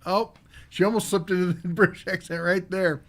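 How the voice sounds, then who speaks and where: Male host, rambling and casual, slightly high-pitched, reading chat comments on a live show. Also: steady tone, moderate pace. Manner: casual and rambling, with many fillers. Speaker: podcast host.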